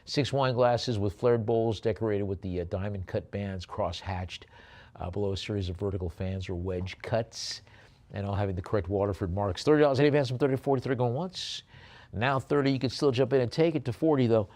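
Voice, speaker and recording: A male auctioneer calling bids at a live auction, moving between brisk bid calls and rambling, halting asides about the items. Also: lowish voice, a little mellow.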